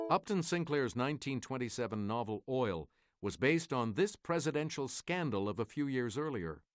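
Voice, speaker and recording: A man hosting a quiz game, reading each clue in a crisp, measured announcer style. His pitch moves freely and expressively through every line, sitting at an ordinary middle height for a man. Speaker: quiz show host. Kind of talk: reading quiz clues and answers.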